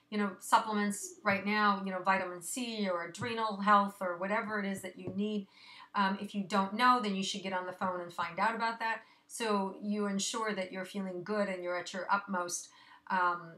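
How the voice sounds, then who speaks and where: A woman's voice: mid-range voice, steady tone, normal speed, sharp tone. A woman giving a casual monthly astrology forecast, chatty and reassuring, with many fillers and a slightly breathless voice. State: a little out of breath.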